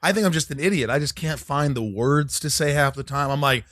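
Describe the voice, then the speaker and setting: A man's voice: on the high side, fairly quick, a little hiss or hum. A man in his forties hosting a podcast, asking questions and joking around in casual talk. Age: 40s. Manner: animated, joking. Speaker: podcast host. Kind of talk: casual interview.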